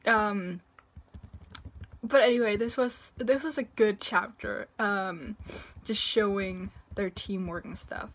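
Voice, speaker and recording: A woman with a mid-range voice speaks slowly as she reviews a manga chapter in a loose, wandering way. She's teary and choked up while gushing, her talk packed with fillers and curse words.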